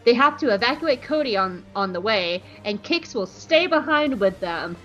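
A woman's voice: a little high, lively intonation, normal speed, a bit bright, poor audio. A woman podcast host giving a casual, sarcastic and playful episode recap. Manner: sarcastic and playful, jumps into voices.

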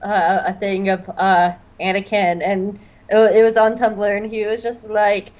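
A woman's voice: mid-range voice, level tone, measured pace, a little mellow. A young woman co-hosting a podcast, chatting loosely and rambling with lots of fillers, on a dull lo-fi recording. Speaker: podcast co-host. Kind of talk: casual recap chat. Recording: dull lo-fi with faint music.

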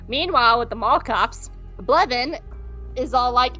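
Woman podcast host, higher voice, casual rambling recap, dull lo-fi sound, faint music behind. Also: unhurried, sharp tone. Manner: rambling, joking, swears freely.

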